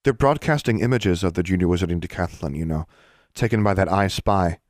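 A man voicing an earnest, kind young schoolgirl in an audiobook, gentle and a little hesitant. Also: sits low, brisk, no room sound, clean studio sound, close to an everyday voice. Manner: gentle and chatty, slightly hesitant.

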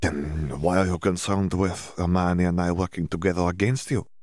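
A man reading an audiobook voices a poised young witch student, speaking in a measured, precise way close to his own low voice. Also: fairly even intonation, a little mellow, no room sound, natural voice.

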